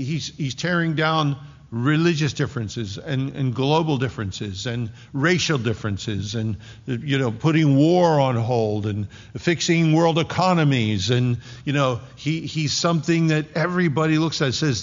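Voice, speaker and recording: A man preaching a sermon to his congregation in a relaxed, conversational way, with sarcastic asides. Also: on the high side, a little slow, in a large hall, dull audio. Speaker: pastor.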